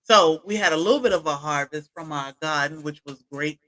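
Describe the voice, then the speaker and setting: A woman's voice: low voice, fairly quick, fairly bright tone, poor audio. A woman chatting casually on a homestead livestream, greeting viewers from the chat by name as she talks.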